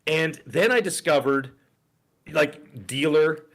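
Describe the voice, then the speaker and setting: A man's voice: a little high, slow pace, fairly bright tone. A middle-aged man co-hosting a podcast in casual chat, rambling through stories and acting out the voices of people he quotes. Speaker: podcast co-host. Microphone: desk podcast microphone.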